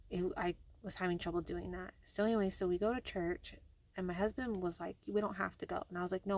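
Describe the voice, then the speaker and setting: A woman's voice: lowish voice, a little mellow. A young adult woman speaking candidly in a personal diary vlog, telling a story with a loose, rambling flow full of fillers. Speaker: vlogger.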